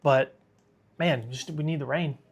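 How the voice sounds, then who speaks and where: A man's voice: fairly high pitch, unhurried, creaky, husky. A man hosting a live severe weather stream, tired and sick, talking casually and reading viewer comments aloud. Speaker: weather livestream host.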